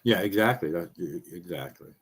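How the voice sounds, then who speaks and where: A man ranting in casual commentary, blunt and profane, his voice going hoarse as he talks. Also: low-pitched, animated. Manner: blunt, profane, fast-talking. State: losing his voice. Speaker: show host.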